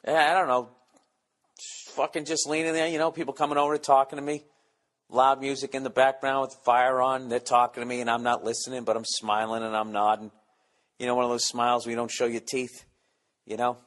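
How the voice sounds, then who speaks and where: A man's voice: mid-range voice, level tone, fairly quick, fairly bright tone. A middle-aged man hosting a podcast, with a Boston accent, ranting in a profane, sarcastic, comedic monologue. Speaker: podcast host.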